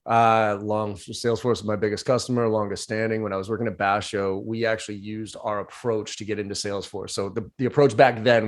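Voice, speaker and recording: A man with a lightly softened Boston accent talks fast in a low voice. He chats as a podcast guest about sales, energetic and happy to drop swear words. His rapid, animated delivery runs ahead of itself. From Boston, USA. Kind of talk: casual podcast chat.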